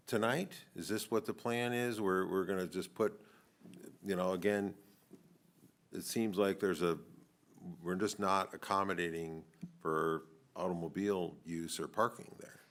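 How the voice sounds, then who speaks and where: Man, very deep voice, council member, halting, concerned questions. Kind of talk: questioning at a meeting.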